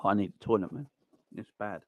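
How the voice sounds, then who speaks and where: A fast-talking man with a lowish, steady voice runs a football watchalong stream, casually and bluntly responding to viewer comments. Fillers and repetition run throughout. The sound is lo-fi, with no room sound.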